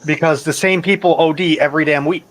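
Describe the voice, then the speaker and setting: A man's voice: on the high side, fairly even intonation, fast talker, background noise. A man in casual group chat on a livestream, talking bluntly and emphatically with easy swearing.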